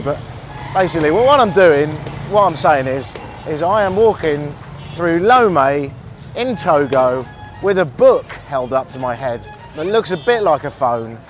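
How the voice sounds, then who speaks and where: A man with a slightly raised pitch talks his way through a crowded outdoor market, recording a travel podcast on foot. His delivery is loose and chatty, full of wry asides and quick self-corrections. Traffic passes nearby and faint music plays in the background. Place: busy outdoor street market.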